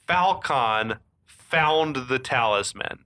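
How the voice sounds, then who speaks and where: A man's voice: medium pitch, expressive, slow pace, pushed and bright. A man co-hosting a podcast, laid-back and quippy, laughing often while talking through a film. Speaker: podcast co-host. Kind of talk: casual movie recap chat.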